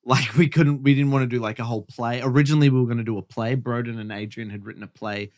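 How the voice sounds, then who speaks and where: A man's voice: medium pitch, steady tone, a little mellow. A man with an Australian accent, a comedian guest who teases and laughs easily in casual chat. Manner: teasing, quick to laugh.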